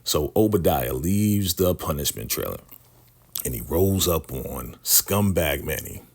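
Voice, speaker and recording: A man's voice: a bass voice, animated, measured pace, vocal fry, darkish tone, husky. A man giving a loose, chatty recap of a TV episode, with plenty of "you know" and "right?" fillers. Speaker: TV recap host.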